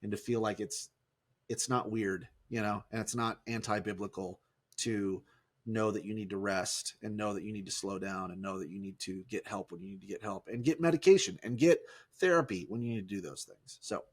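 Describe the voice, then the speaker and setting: A man's voice: lowish voice, brisk, husky. A man with a Midwestern American accent co-hosting a faith podcast, chatty and self-deprecating, full of fillers like "you know" and "like". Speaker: podcast co-host. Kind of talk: casual podcast chat.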